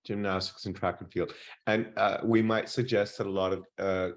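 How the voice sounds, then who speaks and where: Male interviewer, very low voice, attentive, conversational. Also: steady tone, moderate pace. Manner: attentive, prompting questions.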